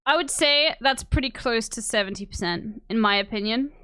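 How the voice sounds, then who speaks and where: A woman's voice: fairly high pitch, moderate pace, bright, forceful tone, clean tone. A woman streaming a game, chatting casually and giggling while she reads the game's dialogue aloud in silly voices. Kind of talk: casual gameplay commentary. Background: game music.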